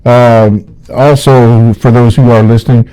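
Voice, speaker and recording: A man's voice: mid-range voice, flat delivery, unhurried, dark tone, clean tone, low-quality recording. A man hosting a talk radio show, giving short affirmations and reading station promos. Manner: brief affirmations, promo reads. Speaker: radio host.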